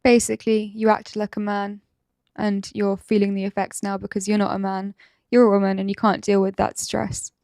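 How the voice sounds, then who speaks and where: A woman's voice: medium pitch, completely flat delivery, moderate pace, vocal fry, darkish tone, clean tone, no room sound. A woman host giving indignant reaction commentary, firing rhetorical questions.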